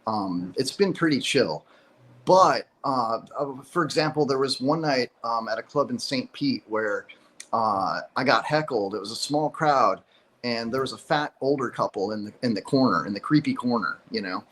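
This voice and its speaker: A man's voice: medium pitch, lively intonation, normal speed, fairly bright tone, a little hiss or hum, poor audio. A man from Chicago, a comedian guest telling stories casually with lots of fillers and laughs. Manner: laughs often, many fillers. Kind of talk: casual storytelling.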